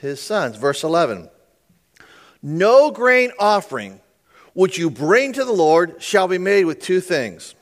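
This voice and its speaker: High-voiced man preaching conversationally. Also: big pitch swings, slow. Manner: conversational, checks in with listeners, puns and jokes. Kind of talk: sermon teaching from scripture.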